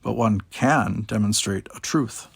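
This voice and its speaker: A man voicing a calm, logical alien officer who speaks formally. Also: lowish voice, a little slow, creaky, husky, dry recording, full character voice.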